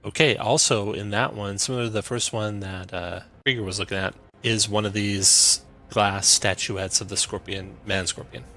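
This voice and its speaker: A man's voice: fairly low pitch, fairly even intonation, normal speed, gravelly, hardly any pauses, bright, forceful tone. A man running a tabletop game as game master, calling turns with easygoing fillers over a voice call.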